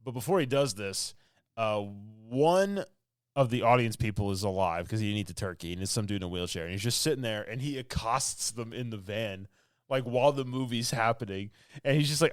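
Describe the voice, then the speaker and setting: A man's voice: mid-range voice, expressive, brisk, clear, resonant tone, no echo, clean studio sound. A man co-hosting a podcast, casually recapping a movie in a rambling, filler-heavy way and laughing often. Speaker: podcast co-host.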